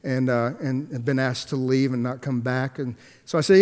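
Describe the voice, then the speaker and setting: A pastor telling a story in a sermon, swinging between hushed and emphatic delivery, with halting restarts and repeated words. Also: male voice, medium pitch, fairly even intonation. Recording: long echoey hall reverb.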